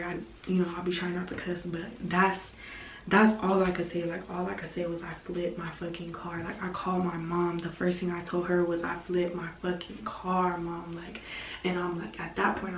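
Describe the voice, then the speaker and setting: A young woman recounts a story in a casual vlog, full of "like" and restarts. Her voice sits low and stays fairly level. She sounds a bit far from the mic in an echoey room, with faint background noise. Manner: rambling, heavy use of "like" fillers. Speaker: vlogger.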